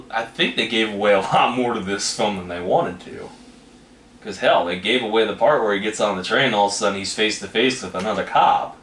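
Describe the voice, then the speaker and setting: This is casual chat from a man hosting a trailer reaction, wandering off track and hedging with "you know what I mean." He has a bright, forceful mid-range voice, and the room is echoey with a little background noise.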